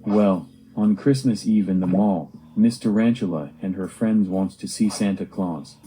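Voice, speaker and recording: Male narrator for a homemade cartoon diary: plain and earnest, very dark, mellow tone. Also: low voice, measured pace, faint music behind, rough recording. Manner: simple, earnest storytelling with plain phrasing. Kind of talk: storytelling.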